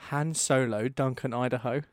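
A man co-hosting a podcast in casual chat, animated, swearing and laughing a lot. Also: medium pitch, moderate pace, no room sound, studio quality. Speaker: podcast co-host. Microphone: podcast microphone.

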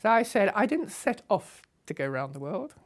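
An older woman telling her life story in an unscripted, assertive and brisk way. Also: medium pitch. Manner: brisk, assertive, animated retelling with laughs. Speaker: storyteller recalling her past. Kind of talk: unscripted spoken memoir.

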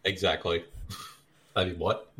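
A man's voice: low voice, little pitch movement, unhurried, pushed and bright. A man co-hosting a podcast, chatting casually over a movie and sharing film trivia, laughing often. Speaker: podcast co-host. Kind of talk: casual movie commentary chat.

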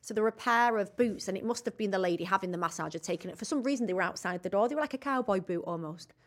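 A woman's voice: medium pitch, rapid-fire. A woman co-hosting a podcast, telling stories in a chatty, cheeky way and often giggling. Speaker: podcast co-host. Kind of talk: casual chat.

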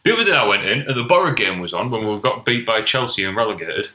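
A man's voice: fairly low pitch, expressive, fast talker, sharp tone, reverberant. A young man from North East England co-hosting a casual podcast chat, telling dry, sweary stories. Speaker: podcast co-host.

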